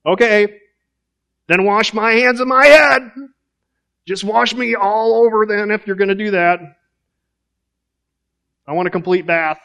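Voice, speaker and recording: A man's voice: high voice, a little slow, bright, forceful tone, pitched above the performer's own voice, full character voice. A male preacher voicing an impulsive, flustered male disciple who exclaims in agitation. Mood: eager.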